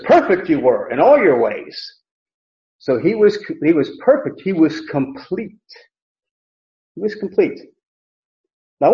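A man's voice: a little high, a little mellow. Emphatic male Bible teacher, echoey room. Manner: emphatic, repeats key phrases, frequent restarts. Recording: echoey room, dull lo-fi sound.

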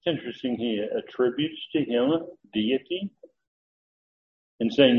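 Slow, lively-pitched man teaching scripture. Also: dull audio. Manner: explains Greek words, acts out quoted dialogue; restarts and fillers while checking notes. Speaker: Bible teacher. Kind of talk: Bible study sermon.

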